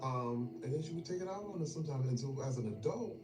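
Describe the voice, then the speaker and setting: A man telling personal stories in a casual chat over a meal, emotional and animated, dropping to murmurs and rising to loud bursts. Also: medium pitch, fast, over music. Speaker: guest. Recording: echoey, distant, noisy room.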